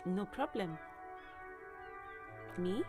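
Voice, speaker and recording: A woman voicing a nervous townswoman in a detective game, answering in hesitant, halting replies. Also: medium pitch, lively intonation, over music.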